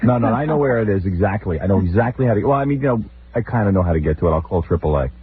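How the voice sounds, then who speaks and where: A man's voice: lowish voice, animated, very fast, slight background noise. A middle-aged man hosting a radio show, telling comic stories about his family and mimicking their voices in exaggerated tones. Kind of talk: comic talk-radio storytelling. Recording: phone-like lo-fi radio archive.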